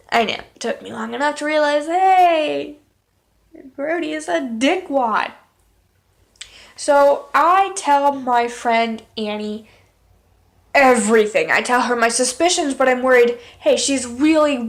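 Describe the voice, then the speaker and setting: A woman vlogger telling a personal story in a candid, exasperated way, with blunt swearing. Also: a little high. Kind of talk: casual story time.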